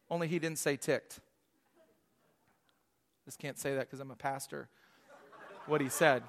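A man in his thirties, a pastor preaching a lively sermon with storytelling asides. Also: on the high side, moderate pace, long pauses.

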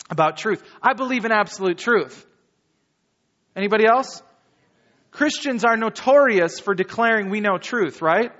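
A man preaching a sermon as pastor, reading scripture and talking to his congregation in an animated, conversational way with dramatic slow pauses. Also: high voice, long reverb tail, highs cut off.

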